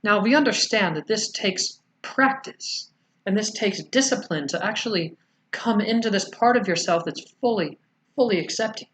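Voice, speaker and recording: A man channeling a spiritual message as a collective "we", speaking slowly and soothingly with gentle rhetorical questions. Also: high-pitched, expressive. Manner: slow, soothing, rhetorical questions ending in "yes?".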